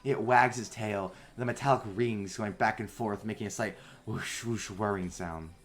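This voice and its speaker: A man with a lowish, steady voice narrates a tabletop game as game master, halting often and filling gaps with fillers.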